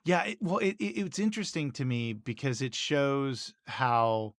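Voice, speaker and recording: A man's voice: medium pitch, big pitch swings, a little slow, no room sound. A man co-hosting a podcast, retelling TV scenes in casual chat with lots of fillers and restarts. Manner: rambling, many restarts and fillers. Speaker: podcast co-host.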